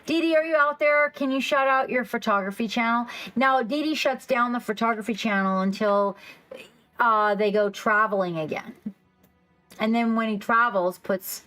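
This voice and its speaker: A woman hosting a casual livestream, rambling excitedly and reacting to her chat. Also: on the high side, moderate pace, low-quality recording. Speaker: livestream host. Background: faint background music.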